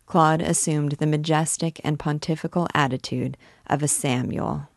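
A woman reading a classic novel aloud in a measured, deliberate way, as a teacher guiding listeners through the book. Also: deep voice, steady tone, no echo, clean studio sound.

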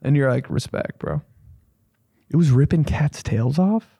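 A comedian host riffing in a loose, profane, rambling way, with sudden loud bursts. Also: male voice, fairly high pitch, moderate pace, creaky, slightly rough, dry recording, clean studio sound. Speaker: comedian host reacting to listener stories.

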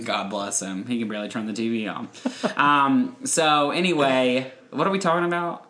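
Guy hosting a podcast, gossipy movie chat, bright tense voice, echoey room. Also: mid-range voice, normal speed. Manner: chatty, gossipy, animated storytelling. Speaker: podcast host. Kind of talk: casual chat, movie review.

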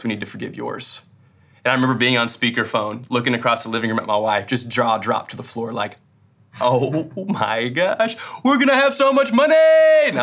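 A young man preaching a sermon to his congregation, telling personal stories in a relaxed, self-deprecating way. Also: mid-range voice. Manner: conversational, self-deprecating storytelling with laughs. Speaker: pastor.

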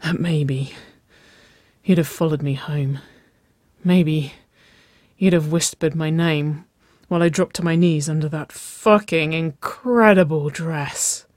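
An intense young woman speaks in hushed, urgent confessions that firm up into commands, as a reader puts her on. She stays slow and intimate, recorded dry and close. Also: no echo, natural voice. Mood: confessing. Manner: low, husky-edged urgency, whispered confessions.

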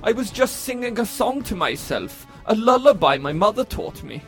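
A man's voice: high-pitched, big pitch swings, normal speed, soft background music. A man playing a spy posing as a Nazi job applicant in a comedy sketch, stiff and falsely earnest.

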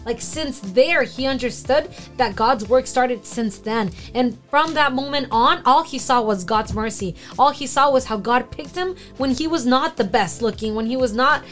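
A woman's voice: sits high, a bit bright, soft background music. A woman co-hosting a casual faith discussion, chatty and full of "like", apologizing for talking too much. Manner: chatty, fast, lots of "like", self-deprecating. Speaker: co-host.

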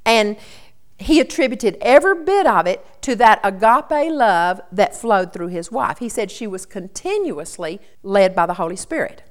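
A woman's voice: mid-range voice, lively intonation, moderate pace. A woman preaching a sermon in an earnest, storytelling teaching tone.

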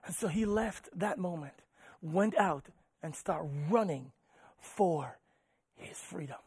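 Pastor, male, high voice, dynamic preacher who drops to a hush for stories, dry close mic. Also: lively intonation, takes it slowly, husky, dry recording. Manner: preaching with swells from loud urging to hushed storytelling. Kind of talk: sermon.

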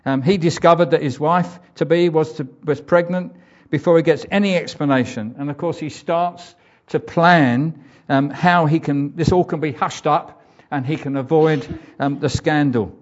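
A man's voice: fairly high pitch, normal speed. An older man preaching a conversational sermon, reading scripture aloud and reflecting on it. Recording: dull lo-fi church recording.

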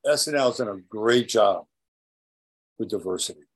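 A man putting on a deep, mock-earnest voice for a sarcastic aside on a live comedy stage. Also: lively intonation, breathy edge, no echo. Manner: mock-serious, rapid-fire, dry sarcasm. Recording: live studio with audience behind.

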